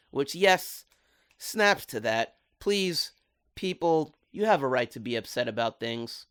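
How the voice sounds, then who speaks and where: Slangy, excited man reviewing a cartoon. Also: medium pitch, a little slow, clear, resonant tone. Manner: animated, slangy and enthusiastic. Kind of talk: casual video commentary.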